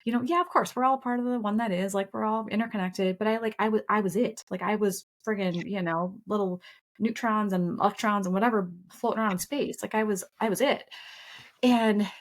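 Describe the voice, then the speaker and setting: This podcast co-host is a middle-aged woman whose medium-pitched voice moves briskly. Her talk in the relaxed conversation is sincere, thoughtful, and frank, with a bit of cursing.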